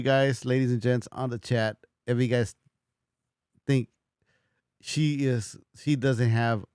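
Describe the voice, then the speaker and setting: A man's voice: mid-range voice, no room sound. Male streamer, mid-range voice, slangy and profane reaction chatter, very dry close-miked sound. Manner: slangy, profane, says "bro" constantly. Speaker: livestream host. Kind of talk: casual reaction commentary.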